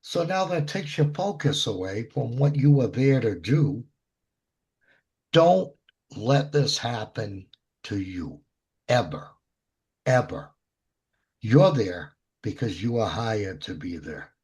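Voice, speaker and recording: A man hosting a casual chat among DJs, asking his co-hosts questions in an animated way. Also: medium pitch, slow pace, long pauses, slightly rough. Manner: animated, asks probing questions. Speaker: DJ show host. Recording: muffled lo-fi audio.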